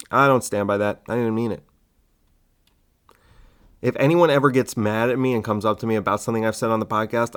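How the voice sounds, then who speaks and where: A man's voice: mid-range voice, smooth. A male podcast host in the middle of a casual rant. His delivery is sarcastic and provocative, slipping into a mock-soothing tone as he needles his listeners.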